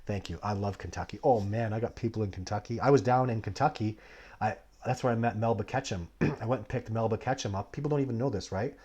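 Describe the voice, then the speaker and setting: Husky-voiced man rambling on a livestream. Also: quick pace. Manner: rambling, digressive storytelling with many restarts; swings between animated bursts and low, muttered asides. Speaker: livestream host answering viewer questions. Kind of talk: casual live Q&A chat.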